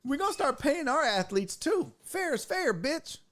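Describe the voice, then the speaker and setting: A man's voice: extremely high pitch, big pitch swings, moderate pace, fairly bright tone, voice pushed up, full character voice. A man voicing a cocky American who taunts rivals with smug, swaggering trash talk. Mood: smug taunting.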